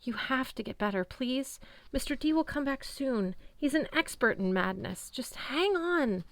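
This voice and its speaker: A woman voicing a gentle, sad teenage girl who talks softly and pleadingly, near tears. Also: on the high side, lively intonation, brisk, smooth, no room sound, pitched above the performer's own voice. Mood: tender pleading.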